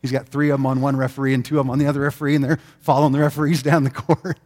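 A middle-aged man preaching a sermon, telling stories in an animated way and acting out the quotes with laughter. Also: medium pitch, racing. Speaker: pastor.

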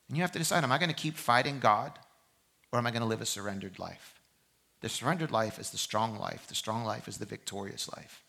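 A male pastor preaching a sermon with a bright, forceful voice. He pushes hard on his exhortations, then drops low and quiet to tell a story. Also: creaky. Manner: impassioned preaching that swings from loud exhortation to quiet reflection. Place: church service.

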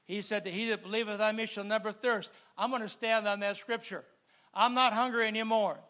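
A man preaching a sermon, talking easily with the congregation and building to loud, fervent preaching with repeated phrases. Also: sits high, level tone, brisk. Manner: repetitive listing cadence.

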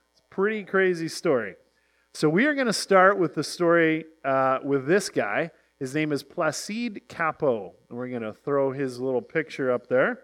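A man in his forties with a fairly high voice tells a music history story. He is animated and slips into quoted voices as he goes. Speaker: presenter. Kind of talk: storytelling talk.

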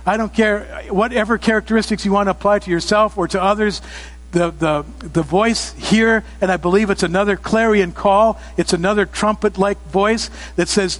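Male pastor with a high voice, emphatic sermon, long church reverb. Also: fairly even intonation, moderate pace. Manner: emphatic, rising to loud exclamations. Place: church sanctuary.

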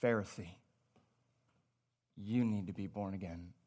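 Brief: male preacher doing a solemn Jesus, slow, hushed and deep.

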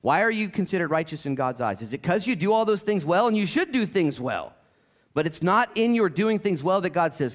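A middle-aged male pastor preaching a sermon in an animated, joking way, swinging from loud bursts to hushed asides and mimicking voices. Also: sits high, brisk. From Oregon coast, USA.

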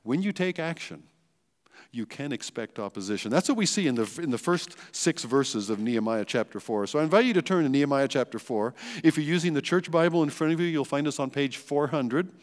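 A man's voice: medium pitch, expressive, a little fast. A man pastor giving a sermon, earnest and emphatic, full of rhetorical questions and repeated phrases. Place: church sanctuary. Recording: long church reverb.

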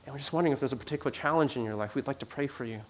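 A man tells a personal story during a sermon, swinging between loud emphasis and hushed passages while repeating words and restarting sentences. His medium-pitched voice comes rapid-fire, with a little hiss or hum in the recording.

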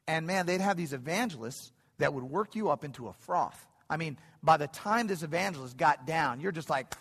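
A middle-aged man preaching a sermon in a church, animated and building to excited peaks, often repeating phrases. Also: fairly high pitch, normal speed, breathy edge. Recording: long hall reverb.

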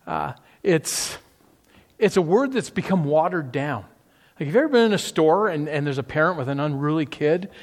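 A male pastor preaches a conversational sermon in a high-pitched voice, with a big-room sound. He asks his listeners rhetorical questions and often restarts his sentences.

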